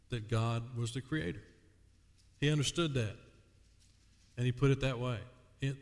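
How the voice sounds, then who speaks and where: Slow, emphatic preacher in a reverberant hall. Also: male voice, mid-range voice. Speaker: pastor. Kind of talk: sermon.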